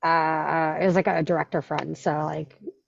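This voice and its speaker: A woman chatting on a video call, animated and rambling, often apologetic. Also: deep voice, normal speed, creaky, slight background noise. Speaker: table read participant. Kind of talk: casual video call chat. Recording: slightly muffled audio.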